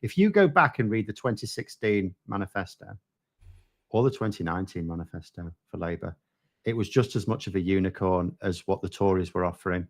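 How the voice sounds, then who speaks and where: A man's voice: low voice, expressive, fairly quick. A man co-hosting a casual political chat show, blunt and sweary as he rants about party history.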